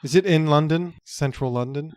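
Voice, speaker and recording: A man's voice: on the high side, normal speed, smooth, no room sound, studio quality. A man co-hosting a podcast in casual chat, reacting with short remarks and teasing questions. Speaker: podcast co-host.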